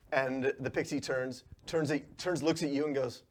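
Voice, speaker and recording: A man's voice: medium pitch, normal speed. Casual game master, a man. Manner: casual, relaxed narration. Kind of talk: narrating a tabletop game.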